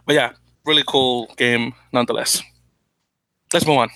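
Bright, rambling young podcast host. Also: male voice, mid-range voice, steady tone, normal speed, no room sound. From Dominican Republic. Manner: rambling, self-correcting, laughs often. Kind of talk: casual podcast chat.

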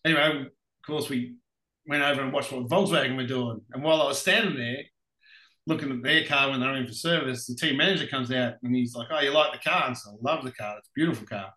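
An Australian man, a racing driver and podcast guest, telling lively anecdotes with frequent laughs. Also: mid-range voice, fast. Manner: animated anecdotes, laughs often. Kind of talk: casual storytelling interview. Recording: roomy echoey room.

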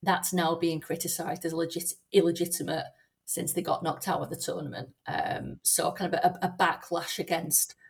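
A woman with a somewhat low voice answers questions as an academic guest on a podcast. She thinks aloud, often restarting and pausing on fillers. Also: creaky, slightly rough. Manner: thoughtful, many fillers and restarts. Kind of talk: podcast interview.

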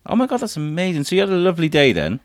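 Playful dad, lively voice. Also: male voice, fairly high pitch, racing, no echo, studio quality. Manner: playful, teasing, encouraging, chuckles often. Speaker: host interviewing his young son. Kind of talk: casual chat with a child. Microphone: handheld microphone passed to child.

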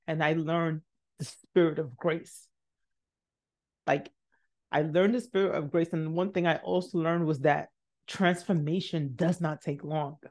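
A woman hosting a podcast, telling a motivational personal story and acting out the voices in it, jumping high for quotes and dropping to a hush for asides. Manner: animated, acts out quotes with big pitch jumps and hushed asides. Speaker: podcast host.

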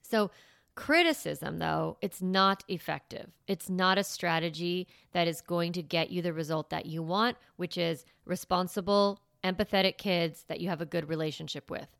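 A woman's voice: lowish voice, moderate pace, gravelly, fairly bright tone, clean tone, no room sound, clean studio sound. A woman hosting a parenting podcast, talking casually with lots of fillers and restarts. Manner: chatty, many fillers and restarts. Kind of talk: casual advice monologue.

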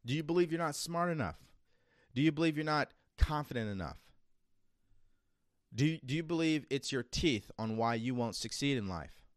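Man, motivational monologue, emphatic and preachy, middle pitch, dry close sound. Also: animated, moderate pace, no echo. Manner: emphatic, preachy, rhetorical questions; acts out a nagging inner voice. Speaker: self-improvement podcast host.

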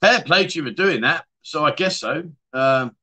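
A man's voice: on the high side, expressive, normal speed, bright, forceful tone. A man hosting a casual livestream chat show, reading viewer comments aloud and answering them in a chatty way.

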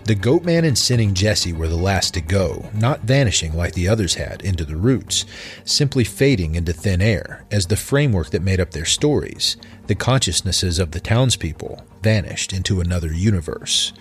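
Low-voiced man narrating a horror story. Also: animated, normal speed, faint music behind.

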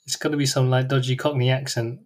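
A man's voice: mid-range voice, level tone, fast talker. A man hosting a podcast in casual chat, laughing often and teasing his guest. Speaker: podcast host.

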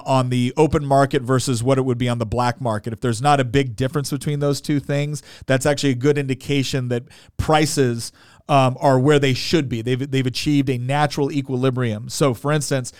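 A man's voice: medium pitch, darkish tone, clean tone, dry recording, clean studio sound. An American man in his forties, chatting as podcast co-host and telling stories with lots of fillers. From United States. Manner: rambling storyteller, many fillers and restarts. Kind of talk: casual chat.

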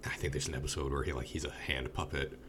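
A man's voice: a bass voice, steady tone, quick pace, background noise. A man in casual conversation, easygoing and agreeable, swearing now and then. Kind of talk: casual chat.

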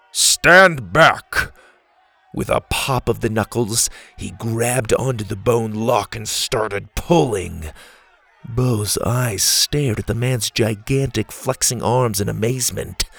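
A man narrating a children's adventure story in an animated storytelling manner, with faint music behind him. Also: vocal fry. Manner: animated storytelling, voicing characters in raised pitch.

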